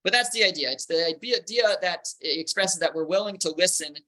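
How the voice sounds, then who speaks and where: Bright-voiced rabbi teaching a class. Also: male voice, high-pitched, fairly quick, poor audio. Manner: explanatory, repeats words while thinking, uses Hebrew terms. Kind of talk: Torah class lecture.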